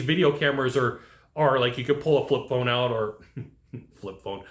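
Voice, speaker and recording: Guy coaching hvac techs, acts out quotes, kinda high pitched, room echo. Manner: animated storyteller who acts out quotes. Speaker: HVAC sales trainer. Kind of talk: casual advice monologue.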